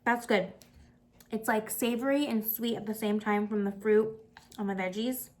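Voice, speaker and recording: A woman's voice: medium pitch, steady tone, moderate pace. A young woman talking casually through a cooking vlog, chatty and upbeat, with lots of fillers. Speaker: vlogger.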